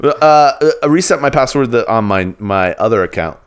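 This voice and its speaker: A man's voice: mid-range voice, lively intonation, moderate pace, clean tone. A young man co-hosting a podcast, laid-back and rambling in casual chat, laughing often. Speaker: podcast co-host.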